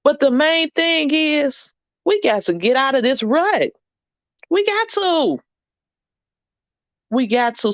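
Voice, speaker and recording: Animated woman preaching comic pep talk. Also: a little high, dry recording, muffled recording. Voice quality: animated, preachy and comic, with blunt slang and swearing. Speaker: vlogger on her own channel. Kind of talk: motivational live-stream chat.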